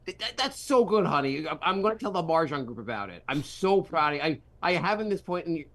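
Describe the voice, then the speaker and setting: A man voicing a proud, boastful older mother, with high, gushing delivery in a comic impression during a casual podcast chat. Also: big pitch swings, brisk, fairly bright tone. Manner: gushing, bragging.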